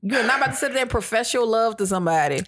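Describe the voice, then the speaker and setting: A woman teases her partner in a relaxed chat, and her pitch swings up and down as she talks. She is playful and quick to laugh along. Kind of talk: casual couple chat.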